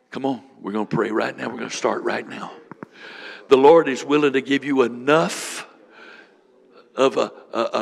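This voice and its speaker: Gravelly-voiced preaching bishop. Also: male voice, medium pitch. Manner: fervent, repeating prayers, speaking in tongues. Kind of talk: sermon with prayer ministry.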